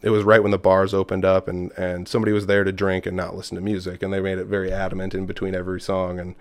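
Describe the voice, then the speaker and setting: A man with a lowish voice talks quickly and loosely as a podcast guest. He rambles through anecdotes in casual chat and slips into the voices of people he quotes. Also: monotone, no room sound. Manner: rambling storyteller who acts out quotes. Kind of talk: casual conversation.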